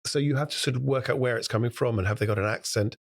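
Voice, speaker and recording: During a brisk conversational interview, a British man with a mid-range voice, invited as a guest impressionist, tells stories and drops into various voices.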